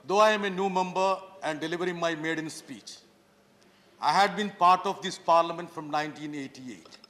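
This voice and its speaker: A man's voice: fairly high pitch, normal speed, fairly bright tone. A man from Kerala, giving an emphatic floor speech as a member of parliament, full of pointed rhetorical questions. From Kerala, India. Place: large parliament chamber. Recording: reverberant legislative chamber.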